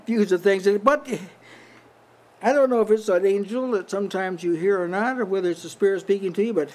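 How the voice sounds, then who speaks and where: An older preacher teaches from the Bible in a small house church, conversational and chuckling often with short laughs. His voice sits high, fairly quick and a little mellow, and he lifts it when quoting lines.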